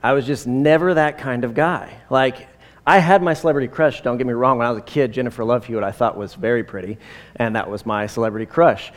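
A man's voice: mid-range voice, fast. A man in his forties preaching a sermon in a conversational, rambling way, with many fillers and side stories. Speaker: pastor.

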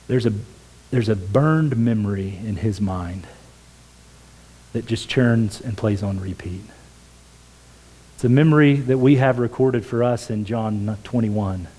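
A man preaching a sermon as pastor in a church, earnest, dropping to a hush for quoted words. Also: medium pitch, low-quality recording. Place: church sanctuary.

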